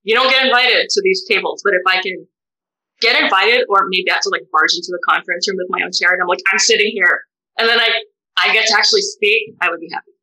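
A woman with a bright, clear voice speaks as a guest in an interview. She talks in an animated way, full of fillers and restarts. Her voice jumps up high when she acts out what others say to her. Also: quick pace, rough recording. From United States. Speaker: guest, therapist and doctoral researcher. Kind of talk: emotional conversational interview.

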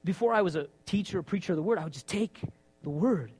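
A man with a high, husky voice talks fast as he preaches a sermon conversationally. Animated, he poses rhetorical questions and acts out lines of dialogue, voicing both himself and God.

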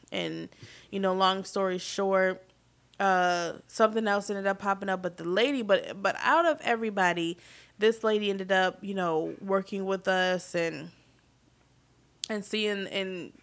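A woman in her thirties casually telling a personal story, getting animated and loud at emotional moments. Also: mid-range voice. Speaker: vlogger telling a family story.

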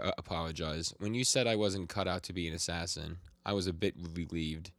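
Podcast co-host, man with a deep voice, casual recap style, quoting characters, dry sound. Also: steady tone, brisk, a bit bright, no echo. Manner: retells scenes, quoting characters with light voice shifts, frequent laughs and restarts. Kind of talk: casual chat recapping manga chapters.

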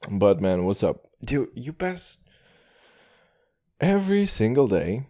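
A man's voice: medium pitch, slow pace, pauses often. A young man from Kazakhstan, telling a heated story in a casual rant, swearing constantly and calling everyone dude. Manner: heated, animated, laughs at his own story.

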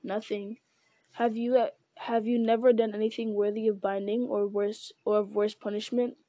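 A woman's voice: mid-range voice, little pitch movement, dark tone, dry recording, close to an everyday voice. A woman reading a grave noble captain. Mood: stern. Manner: measured, formal and grave. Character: stern noble male captain, calm and just.

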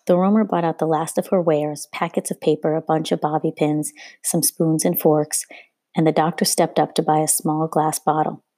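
A woman reading a children's novel aloud at a steady storytelling pace, now and then rereading a slip. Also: low-pitched, moderate pace, dry recording. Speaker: reader.

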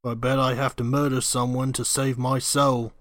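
A man's voice: medium pitch, little pitch movement, normal speed, fairly bright tone, no echo, clean studio sound, close to an everyday voice. A man voicing a brash, grumbling Cockney ghost of an aging actor dragged back from the grave. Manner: brash, matter-of-fact, grumbling.

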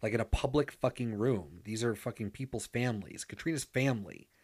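A man's voice: medium pitch, fairly quick, husky. A man co-hosting a casual podcast chat, ranting with lots of swearing. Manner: profane, ranting. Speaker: podcast co-host.

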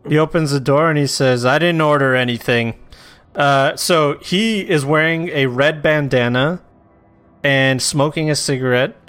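A man's voice: on the high side, fairly even intonation, a little slow, fairly bright tone, soft background music. A man narrating a tabletop role-playing game as game master, casual and loose, with plenty of swearing.

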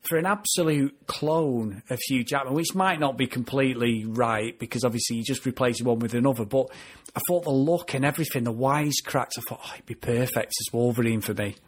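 Husky guy on a review podcast, chatty, laughs a lot, mid pitch. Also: a little fast. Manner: chatty, laughs often, animated. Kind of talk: casual review chat.

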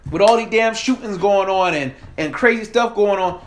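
Speaking brisk and animated with few pauses, a high-voiced man from the American South rants straight at his audience. He's a political commentator, and the monologue is heated and laced with profanity.

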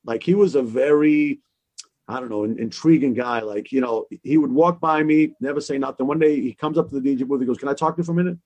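A man's voice: mid-range voice, fast, dry recording. A man, a DJ, telling stories in a casual chat, acting out the people he quotes. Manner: animated storyteller, acts out quoted exchanges. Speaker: DJ guest.

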